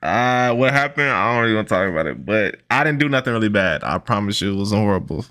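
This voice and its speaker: A man's voice: on the low side, lively intonation, quick pace, pushed and bright. A young man co-hosting a podcast, trading jokes and slangy banter in casual chat. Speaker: podcast co-host.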